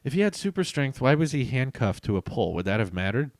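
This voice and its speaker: A man's voice: mid-range voice, sing-song, quick pace, no echo, studio quality. A young man reading his childhood comic aloud as a vlogger, with self-mocking, amused asides.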